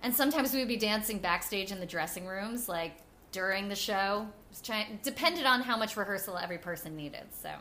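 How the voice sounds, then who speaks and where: Bright, chatty New woman. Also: medium pitch, a little fast, a little hiss or hum. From New Jersey. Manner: animated and chatty, with frequent "like" and laughter. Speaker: guest. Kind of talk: casual interview storytelling.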